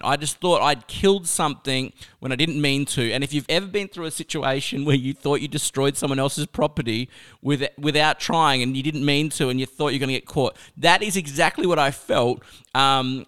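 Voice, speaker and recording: Smooth-voiced man telling a lively story. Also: mid-range voice. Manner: chatty, animated, laughs through the story. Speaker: speaker sharing a life lesson. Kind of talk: personal storytelling.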